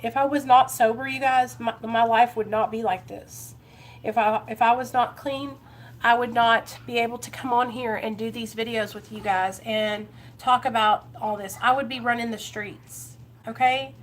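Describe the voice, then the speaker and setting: A woman's voice: on the high side, fairly even intonation, moderate pace, slight background noise. A woman from Ohio talking on a live recovery vlog, earnest and encouraging, speaking straight to her viewers and greeting them by name. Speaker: recovery vlogger. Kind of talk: casual live-stream chat.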